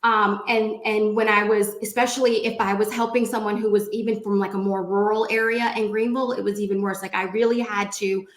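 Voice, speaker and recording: A woman's voice: medium pitch, level tone, brisk, hardly any pauses. A woman panelist talking casually on a video call, with lots of fillers and restarts. Her voice sits in the middle of a woman's range. The room around her is echoey. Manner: chatty, many fillers and restarts. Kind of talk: round table discussion.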